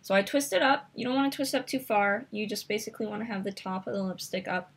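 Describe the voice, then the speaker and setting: A woman's voice: medium pitch, fairly even intonation, fast talker, a little hiss or hum. A woman hosting a makeup tutorial, chatty and instructive as she talks through each step while demonstrating.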